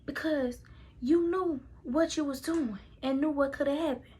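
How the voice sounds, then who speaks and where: A woman's voice: high voice, a little slow, dark tone. A young woman voicing her mother, who scolds and fusses at her daughter. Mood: scolding. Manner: fussing, scolding, repeating herself. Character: scolding, tearful middle-aged mother.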